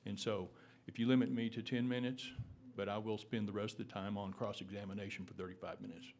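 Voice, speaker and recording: A man's voice: fairly low pitch, little pitch movement, quick pace, darkish tone, a little hiss or hum. A man with a Texan accent giving public testimony at a town meeting, often restarting words and using formal legal phrasing. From Texas. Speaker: public commenter.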